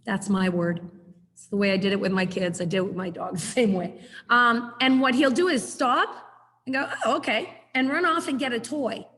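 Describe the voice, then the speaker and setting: A woman's voice: medium pitch, fairly even intonation, moderate pace, fairly bright tone, big-room sound. A middle-aged woman teaching a puppy training class on a video call, chatty and acting out her corrections to the dog. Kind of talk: online class lecture.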